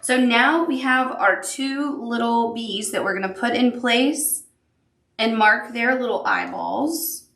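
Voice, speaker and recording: A woman's voice: on the high side, slow pace, fairly bright tone, reverberant. A woman teaching a sewing machine appliqué tutorial, upbeat and encouraging as she talks the viewer through each step. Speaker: quilting instructor.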